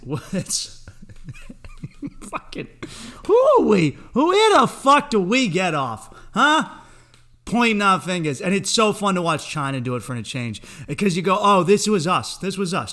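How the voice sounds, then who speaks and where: A man in his thirties rants alone on his podcast, swearing often and breaking into laughter at his own jokes. His voice is bright and sharp, sitting a little high, and it swings widely in pitch. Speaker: podcast host. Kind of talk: solo comedic rant.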